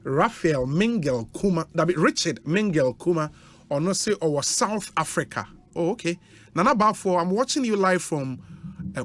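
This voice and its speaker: On air, a Ghanaian-accented male radio host reads out listener greetings in a chatty style, dropping interjections between the names. His voice is fairly high-pitched.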